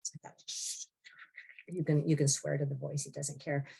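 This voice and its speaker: A woman's voice: sits low, level tone, quick pace, gravelly, dark tone, slightly rough. A woman in her sixties, a podcast guest telling her own story in a wry, blunt way with frequent laughs. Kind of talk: candid personal storytelling.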